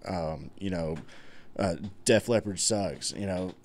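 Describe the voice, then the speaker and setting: A man's voice: low-pitched, slow. A man hosting a casual chat over beer, telling stories in a laid-back way and chuckling often. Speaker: podcast host.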